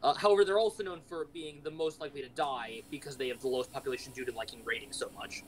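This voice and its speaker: A man's voice: medium pitch, steady tone, fast, slight background noise, low-quality recording. A man at a tabletop game, reading out options plainly with uh fillers. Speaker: player. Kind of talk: casual game table chat.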